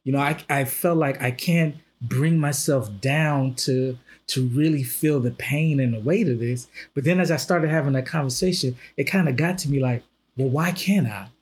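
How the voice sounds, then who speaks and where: Husky, halting man reflecting on a podcast. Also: medium pitch. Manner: earnest, halting, reflective with many restarts. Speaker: podcast co-host. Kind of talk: casual discussion.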